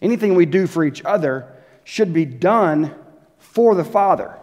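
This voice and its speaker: A man's voice: sits high, lively intonation, unhurried, a little mellow. A man preaching a sermon as pastor, conversational and questioning the congregation directly. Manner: conversational, asks the church questions, voices short quotes. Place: church sanctuary. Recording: long hall reverb.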